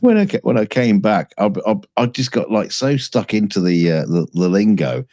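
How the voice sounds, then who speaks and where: A Scottish man with a very deep voice co-hosts a relaxed chat show. His talk stumbles and restarts as he rambles through stories, though his pitch leaps around with a lot of life. The sound is close and dry. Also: dry recording. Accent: Scottish, softened by years in England. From Scotland. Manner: halting, many restarts, chuckling. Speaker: co-host. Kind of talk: casual chat.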